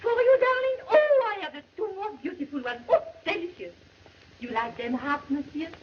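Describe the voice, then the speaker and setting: Flirty cantina owner. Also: female voice, very high voice, expressive, moderate pace. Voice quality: laughing, coquettish. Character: flirty French cantina owner woman, worldly and teasing. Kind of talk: 1930s film acting. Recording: muffled old film soundtrack with hiss.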